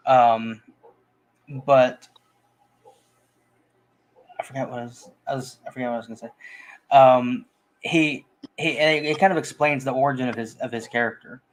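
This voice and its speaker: A man's voice: mid-range voice, fairly even intonation, moderate pace, long pauses, slight background noise. A man in casual conversation about a film, talking in a rambling way with frequent restarts and fillers. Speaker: movie podcast co-host.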